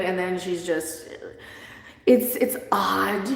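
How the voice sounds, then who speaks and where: A woman's voice: on the low side, steady tone, measured pace, creaky. Chatty woman streamer in echoey room. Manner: rambling and blunt, laughs often. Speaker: livestream host. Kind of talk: casual livestream chat. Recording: very echoey room with long reverb.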